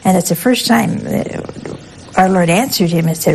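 A woman's voice: on the low side, measured pace, gravelly, darkish tone, a little hiss or hum, rough recording. An older woman, a nun, giving a conversational sermon that is folksy and humorous, often asking her listeners questions. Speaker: nun giving a spiritual talk.

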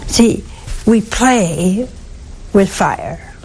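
A woman giving a sermon in a slow, deliberate way, with asides and some softly whispered stresses. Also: mid-range voice, lively intonation, gravelly, husky, low-quality recording. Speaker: preacher.

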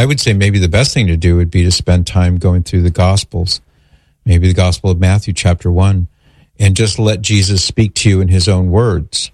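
A man's voice: sits low, a little mellow, dry recording, clean studio sound. A man hosting a call-in religious Q&A, answering a caller's question in an earnest, explanatory way and citing scripture.

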